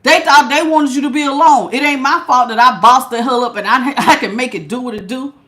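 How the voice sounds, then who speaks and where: A woman's voice: high-pitched, fairly quick, sharp tone. A woman giving a casual tarot reading, talking in a sassy, emphatic way with lots of slang. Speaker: tarot reader.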